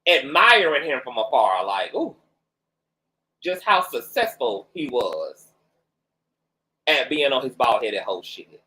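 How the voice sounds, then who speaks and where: A woman hosting a gossip commentary channel, talking in a sassy, mocking way with laughs and drawn-out asides. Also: deep voice, fairly bright tone. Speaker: commentary host.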